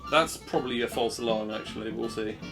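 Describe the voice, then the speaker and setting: A man's voice: on the low side, fairly even intonation, fairly quick, over music. A man chatting upbeat through a live speedrun, cheering his own progress and making asides to his stream viewers. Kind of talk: live gameplay commentary.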